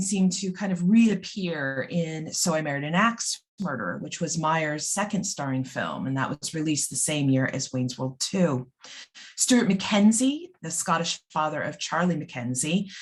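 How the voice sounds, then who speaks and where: A woman presenting an academic conference paper over a video call, thoughtful and hesitant, with frequent ums. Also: deep voice.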